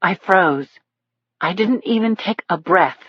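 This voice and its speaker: A woman narrating a thriller audiobook in the first person, in a steady storytelling manner. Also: medium pitch, takes it slowly, husky, no room sound. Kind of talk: scripted narration. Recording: dull lo-fi dry recording.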